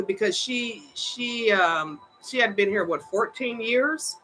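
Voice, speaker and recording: A woman's voice: on the high side, a little slow, few pauses, pushed and bright, soft background music, low-quality recording. An older woman giving a heated, opinionated monologue, repeating herself for emphasis and laughing between points. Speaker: vlogger and advocate.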